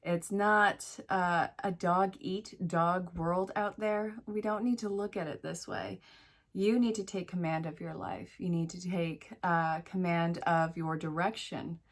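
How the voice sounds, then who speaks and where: A woman with a fairly low voice reads tarot cards for an unseen viewer. She speaks directly to "you" in an encouraging, frank way and breaks off into chatty asides to spirit. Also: steady tone, a little slow. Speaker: tarot reader. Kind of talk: solo tarot reading to camera.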